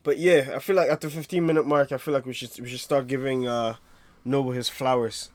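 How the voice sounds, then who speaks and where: A man's voice: medium pitch, steady tone, brisk, no room sound. A man co-hosting a sports podcast in casual chat, rambling with many fillers and restarts. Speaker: podcast co-host.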